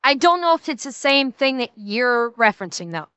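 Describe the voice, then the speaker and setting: A woman with a high, bright voice chats and riffs sarcastically, speaking straight to her viewers. The sound is dry and close to the microphone, with no room behind it. She keeps a loose, live-stream rhythm. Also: very animated, moderate pace, clear, resonant tone, no echo. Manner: chatty, sarcastic, talks straight to chat. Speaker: streamer reacting to a video. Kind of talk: casual live-stream commentary.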